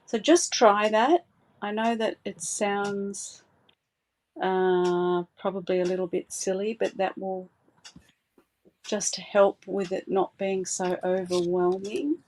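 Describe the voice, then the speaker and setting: A woman giving a live psychic reading, gentle and reassuring, with frequent hesitant fillers and restarts. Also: mid-range voice, steady tone, takes it slowly.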